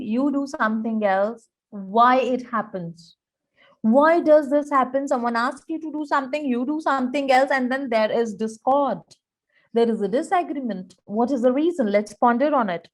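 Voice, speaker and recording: A woman's voice: high-pitched, normal speed. A woman with an Indian accent giving a personality-development webinar lecture, earnest and emphatic, acting out examples in dialogue. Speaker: professor giving a training webinar.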